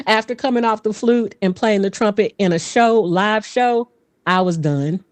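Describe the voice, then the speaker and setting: A woman guest who is a vocal coach and voice actor, telling stories in a lively casual way, often laughing and dropping into voices. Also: mid-range voice, slow, no echo. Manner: animated, laughs often, slips into character voices. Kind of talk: casual podcast storytelling.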